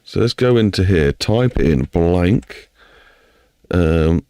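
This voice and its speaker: A man's voice: low-pitched, animated, takes it slowly, mellow, clean tone, no echo, clean studio sound. A man with an English accent chatting casually on a live stream while he builds a game map, rambling and talking to himself and to chat.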